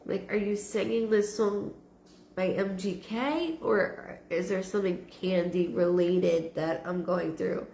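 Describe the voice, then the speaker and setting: A woman giving a live-streamed psychic reading, halting and repeating her words with frequent ums. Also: fairly low pitch, creaky, dark tone, a little hiss or hum. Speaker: psychic medium. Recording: roomy echo.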